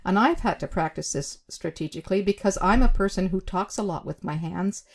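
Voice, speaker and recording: A woman teaching job interview skills to camera in a deliberate, chatty way, with emphasized words, short pauses and frequent fillers. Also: mid-range voice. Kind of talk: instructional talk to camera.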